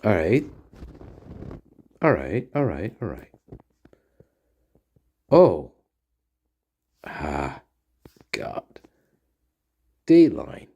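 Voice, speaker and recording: A male host in a sarcastic, rambling solo commentary, full of swearing. He talks at an unhurried pace, and his pitch swings widely from phrase to phrase. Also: very animated, dark tone, husky. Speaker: podcast host.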